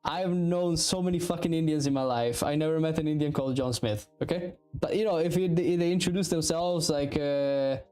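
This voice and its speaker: A man in his thirties from Italy with an Italian accent, chatting casually and profanely while streaming game development, rambling and animated. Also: a little high, brisk, few pauses, smooth, soft background music. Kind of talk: casual livestream chat.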